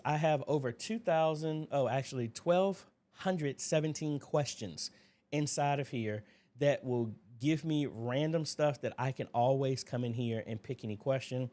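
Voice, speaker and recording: A man's voice: medium pitch, dark tone. A man hosting a casual livestream, greeting viewers by name one after another and then talking through a tech demo on his computer. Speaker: livestream host.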